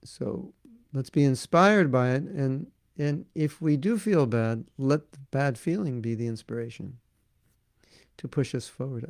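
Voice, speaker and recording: A man teaching and answering listeners' questions in a devotional talk, speaking in a conversational, gently coaxing way. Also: mid-range voice, a little slow, gravelly, no echo, clean studio sound. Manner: conversational, gently coaxing, frequent "you know".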